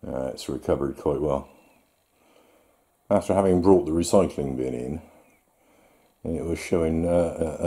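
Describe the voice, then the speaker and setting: A man with a low, very dark and mellow voice. He talks as he films himself, rambling in a loose, chatty commentary with fillers and small chuckles, as if talking half to himself and half to the viewer. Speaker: vlogger. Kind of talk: casual self-filmed commentary.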